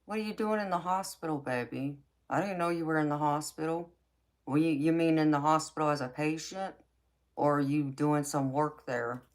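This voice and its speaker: A woman with a low, raspy voice hosts a late-night live chat. She reads out her viewers' comments and answers them with sassy warmth, calling them baby. Her mouth is a little dry from talking so long. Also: fairly even intonation, moderate pace. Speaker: tarot reader and live-stream host.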